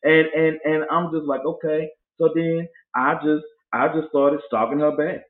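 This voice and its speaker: A man's voice: a little high, level tone, moderate pace. A man hosting a casual chat show, telling stories with animation and acting out other people's voices. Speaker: podcast host. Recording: tinny phone-like audio in an echoey room.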